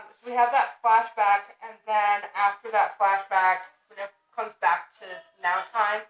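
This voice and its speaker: A young woman co-hosting a podcast, recapping a comic in animated, casual talk, laughing and swearing freely. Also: medium pitch. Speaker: podcast co-host. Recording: roomy, distant, dull lo-fi sound.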